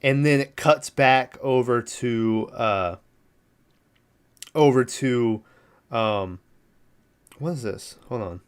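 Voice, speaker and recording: A man at an ordinary pitch talks through a film scene by scene, casual and unpolished. He rambles, circles back on himself and swears freely, like a podcast host chatting with friends. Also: slow pace, long pauses, smooth. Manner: rambling, filler-heavy, profane, laughs at the film. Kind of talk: casual movie recap.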